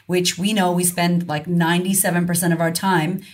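A woman's voice: lowish voice, level tone, a little fast. A woman being interviewed as a confidence coach, speaking frankly and emphatically with casual swearing. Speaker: guest, confidence coach and author. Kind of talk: candid conversational interview.

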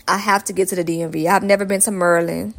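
A woman from Atlanta hosting her own podcast, reading shout-outs to listeners in an upbeat, slangy, casual way. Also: lowish voice, flat delivery, fast talker, gravelly. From Atlanta, Georgia, USA. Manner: upbeat and slangy, reading off a long list of places. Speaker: podcast host.

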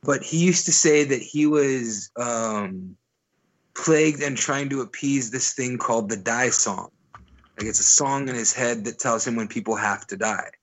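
A man's voice: medium pitch, unhurried. A young adult man co-hosting a podcast, telling stories in a rambling, profane, casual way full of filler words. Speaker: podcast co-host. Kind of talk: casual storytelling chat.

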